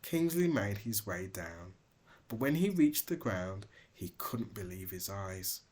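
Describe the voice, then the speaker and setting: A man narrating a children's picture book aloud with expressive, dramatic storytelling. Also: lowish voice, slow. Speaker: father reading aloud.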